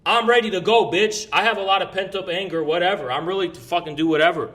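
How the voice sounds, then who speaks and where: As a podcast guest recounting an event in casual chat, this man speaks quickly in a high, somewhat bright voice. He's brash and profane, rambling along with restarts.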